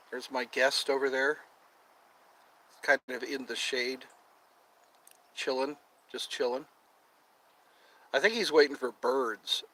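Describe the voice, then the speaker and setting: Outdoors near a yard or forest edge, a man hosts a casual livestream, rambling, chatting with viewers and a cat, and breaking into snatches of old songs. His mid-range voice has a fairly bright tone, and the recording is low quality.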